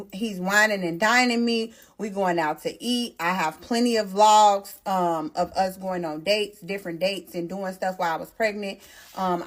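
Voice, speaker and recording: Chatty woman telling a storytime vlog. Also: mid-range voice. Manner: chatty, animated, addresses viewers as "y'all". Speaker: vlogger.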